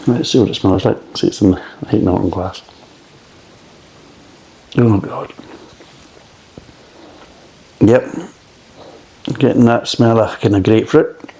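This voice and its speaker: Gravelly, sweary Scottish man. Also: on the low side, slow pace, long pauses, mellow, poor audio. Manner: blunt, sweary, grumbling. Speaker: beer reviewer. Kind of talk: casual beer review.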